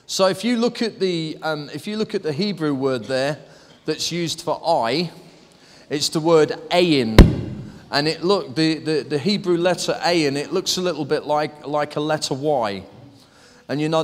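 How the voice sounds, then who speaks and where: Lively preacher, high-pitched, story-driven, recorded with a long church-hall echo. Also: male voice, a little slow. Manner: animated storytelling, acts out voices and laughs. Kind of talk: lively sermon.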